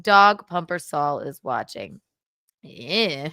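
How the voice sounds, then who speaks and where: A woman's voice: low-pitched, very animated, slow, sharp tone, dry recording. A young adult woman hosting a casual livestream, gossiping, laughing and swearing freely. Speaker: livestream host.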